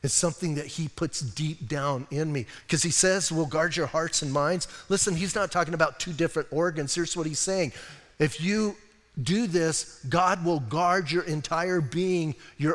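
Man, pastor preaching, fairly high voice, storytelling with acted quotes, long reverb. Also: moderate pace, fairly bright tone. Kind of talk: sermon. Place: church hall.

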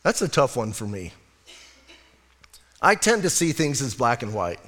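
A man's voice: mid-range voice, sing-song, unhurried, fairly bright tone, long reverb tail. A middle-aged man preaching a conversational sermon, joking and candid about his own faults. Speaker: pastor.

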